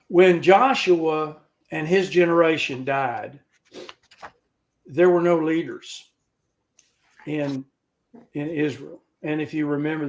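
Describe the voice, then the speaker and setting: Folksy man teaching scripture, higher voice. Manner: folksy, with joking asides; halting, with frequent restarts. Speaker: Bible study teacher.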